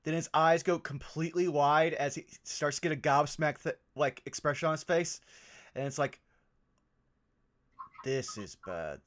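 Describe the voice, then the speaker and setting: Bright-voiced male tabletop player. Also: fairly high pitch, little pitch movement. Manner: quick reactions, describes his character's actions. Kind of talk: casual tabletop game chat.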